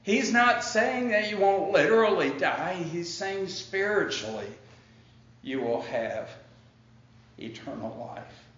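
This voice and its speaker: Man preaching a sermon real slow n emphatic, muffled roomy church sound. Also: lively intonation, a bit bright. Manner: acts out the Pharisees in a high, incredulous voice. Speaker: pastor.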